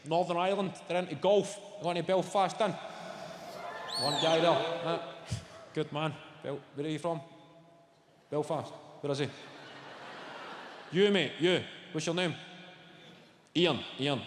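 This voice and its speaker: A young Scottish man doing a stand-up routine, swearing freely and bantering with the crowd. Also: fairly high pitch. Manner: swearing, quick banter with the audience. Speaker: stand-up comedian. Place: large comedy venue in front of a live audience. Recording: echoey hall, loud audience noise.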